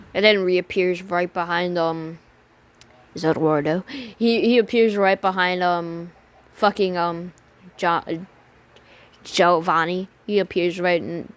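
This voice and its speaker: Rambling woman making up a fan story. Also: fairly low pitch. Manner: rambling, many restarts and name slips; casual, swears. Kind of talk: improvised fan story telling.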